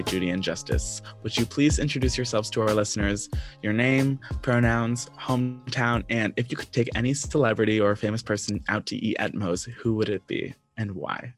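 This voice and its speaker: A young man hosting a student podcast, reading an introduction in a smooth radio-announcer manner before interviewing guests. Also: lowish voice. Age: young adult.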